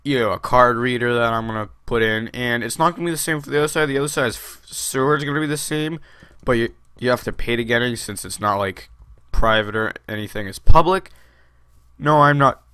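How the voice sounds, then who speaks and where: A man's voice: medium pitch, fast, pushed and bright, clear, resonant tone, no room sound, studio quality. A man hosting a Minecraft video, giving casual gameplay commentary in a rambling way, full of fillers and restarts.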